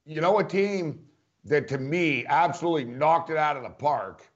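A man argues on a sports podcast in a high, emphatic voice. He keeps repeating his points as if he can't believe them. The sound is dull and lo-fi. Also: animated, normal speed. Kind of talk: casual sports debate.

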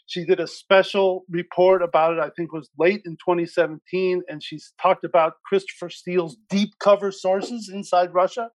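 A man guest in a talk interview, his voice sitting a little high. He weighs his words, often restarting sentences. His delivery is thoughtful and measured. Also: fairly even intonation, rough recording. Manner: hesitant, many restarts, thoughtful. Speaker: guest commentator. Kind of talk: conversational interview.

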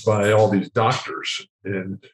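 An older man telling a story as an interview guest, animated and acting out the people in it. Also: lowish voice, slow. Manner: animated, acts out the people in his stories. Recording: roomy echo.

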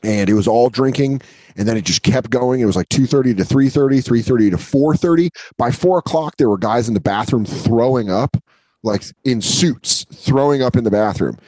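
Profane, animated storytelling man. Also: medium pitch, moderate pace, dry recording. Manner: profane, animated, acts out the people in his stories. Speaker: podcast co-host, comedian. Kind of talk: casual podcast storytelling.

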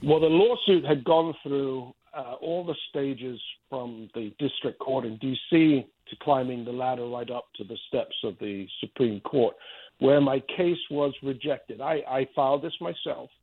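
Speaking a little slowly in a mid-range voice, this middle-aged artist from Spain rambles through a lengthy interview reply, frequently starting over and repeating words. The recording is dry, with a tinny phone-line quality.

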